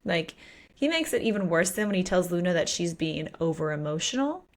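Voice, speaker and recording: Animated woman chatting about a book. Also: on the low side, brisk. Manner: animated, acts out characters' lines. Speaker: podcast co-host. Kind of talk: casual book discussion.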